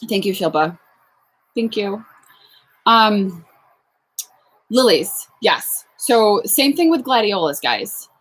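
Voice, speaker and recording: A young woman talks casually to her viewers on a live stream, answering questions one after another. She is chatty and unscripted, with plenty of fillers and little laughs. Her voice sits at an ordinary middle pitch. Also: very animated, slow, long pauses, breathy edge. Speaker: flower farmer hosting a live Q&A. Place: outdoors on a farm.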